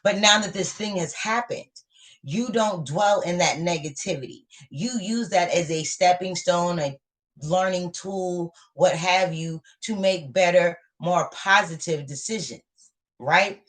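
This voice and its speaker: Speaking unhurriedly at a fairly low pitch, a tarot reader talks to her live audience. Her reading is encouraging and affirming, and she circles back over her points to drive them home.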